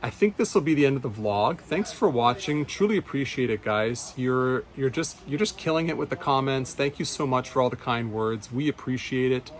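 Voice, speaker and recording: A man chatting casually in his retro game store vlog, upbeat and quick to laugh. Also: medium pitch.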